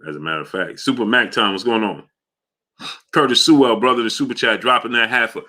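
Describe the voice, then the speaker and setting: A fast-talking man with a mid-range voice hosts a relaxed boxing stream from New York. He reads super chats and gives viewers loud, name-by-name shout-outs in bursts.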